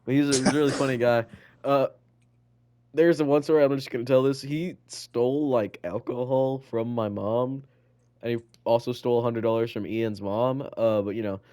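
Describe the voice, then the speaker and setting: A man's voice: mid-range voice, fairly even intonation, moderate pace, warm tone. A teenage boy co-hosting a podcast, telling stories in a rambling, casual way full of fillers and swearing. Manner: rambling, swearing, many fillers, acts out voices in his stories. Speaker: podcast co-host. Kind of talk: casual storytelling chat.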